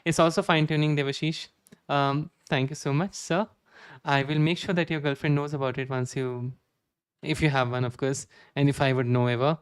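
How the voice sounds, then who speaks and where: A man's voice: medium pitch, steady tone, fairly quick, clean tone, no echo, clean studio sound. A man in his twenties chatting casually with viewers during a live coding stream, self-deprecating and often restarting his sentences. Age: 20s.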